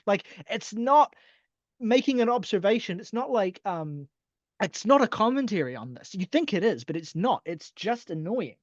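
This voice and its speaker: A man's voice: sits high, big pitch swings, moderate pace, a little mellow, dry recording. Exasperated male podcast co-host, sweary ranter, muffled dry home recording. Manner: exasperated, sweary, laughs often, mocking quotes in a silly voice. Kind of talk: casual ranting album review.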